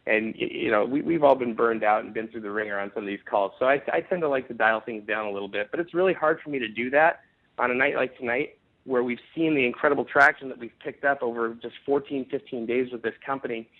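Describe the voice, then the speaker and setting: Man, enthusiastic sales pitch, conference call host, tinny phone line, mid-pitched voice. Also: fast talker. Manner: upbeat, emphatic salesman pitch with restarts. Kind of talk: network marketing pitch call.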